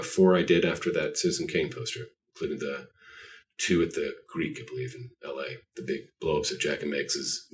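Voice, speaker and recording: A man with a very low voice tells rambling, self-deprecating stories as a podcast guest. He sounds set back from the microphone. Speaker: guest artist. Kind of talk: casual podcast interview. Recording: voice distant from the mic.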